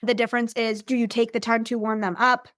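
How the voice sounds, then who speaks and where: Casting note: high-pitched, bubbly woman coach, dry close voice, conversational and upbeat. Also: level tone, a little fast, fairly bright tone, dry recording. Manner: chatty, upbeat, says "right?" constantly; acts out invitees in bubbly voices. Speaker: business coach. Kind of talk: recorded coaching training.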